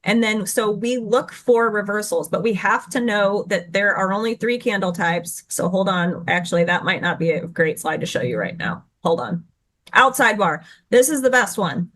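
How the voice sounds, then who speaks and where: A woman guest teaching chart patterns over a video call. She speaks at a middling pitch and hurries through long explanations, correcting herself as she goes. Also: fairly bright tone. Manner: rushed, tumbling explanations with self-corrections. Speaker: guest trading educator.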